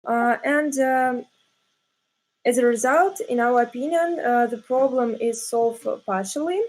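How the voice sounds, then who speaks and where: A woman's voice: a little high, measured pace, darkish tone. A teenage girl giving a hesitant, formal critique as a tournament opponent over a video call, with many filler sounds. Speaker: opponent in a student science tournament.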